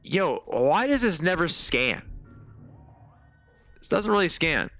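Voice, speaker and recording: A man's voice: high voice, big pitch swings, normal speed, fairly bright tone, faint music behind. A man giving chatty live commentary on a horror game, swearing often and talking to his viewers. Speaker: game streamer.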